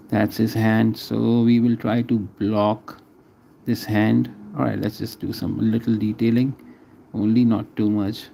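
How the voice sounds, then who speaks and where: A man with a lowish, creaky voice and a dark tone chats casually with viewers as he streams himself drawing, naming each stroke. Slight background noise sits under the recording.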